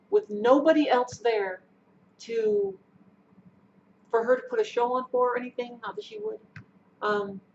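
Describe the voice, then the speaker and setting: Middle-aged woman vlogger, earnest and halting, slightly high voice, muffled home recording. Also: darkish tone. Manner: earnest, repeats herself, halting restarts. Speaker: vlogger telling a personal story. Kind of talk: emotional personal storytelling. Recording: dull lo-fi sound with faint noise.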